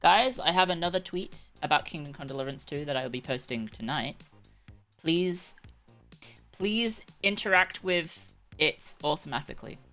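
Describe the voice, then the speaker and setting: A woman's voice: sits low, fairly bright tone. A young woman chatting casually on a live stream, rambling and correcting herself as she goes.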